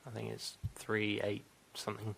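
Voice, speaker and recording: A man's voice: fairly low pitch, completely flat delivery, normal speed, creaky, a bit bright, husky. A man hosting a gaming podcast in casual, rambling chat, laughing often at himself. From Britain. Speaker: podcast host.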